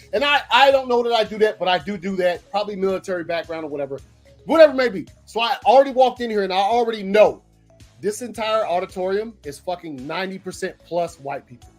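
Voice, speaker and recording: A man telling a story casually, animated and profane, acting out what people said. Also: high voice, fast talker, faint music behind. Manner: animated, profane, acts out quotes. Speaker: podcast host.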